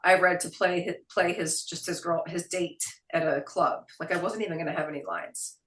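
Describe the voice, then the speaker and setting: A middle-aged woman from Queens with a New York accent, telling stories as an interview guest in an animated, salty way. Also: lowish voice, normal speed, recorded from a distance. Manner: animated, quotes people in put-on voices, swears casually. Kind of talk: casual storytelling interview. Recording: roomy sound, voice a bit off mic.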